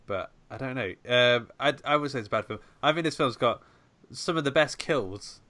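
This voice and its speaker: A man's voice: mid-range voice, normal speed, sharp tone, dry recording. A man rambling through a casual podcast chat about a film, with many restarts and fillers. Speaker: podcast co-host.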